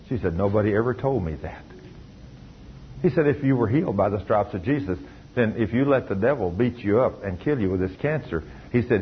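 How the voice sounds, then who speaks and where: A man's voice: on the low side, dull audio, a little hiss or hum. A man preaching a sermon, telling a story through quoted dialogue and rising to emphatic peaks.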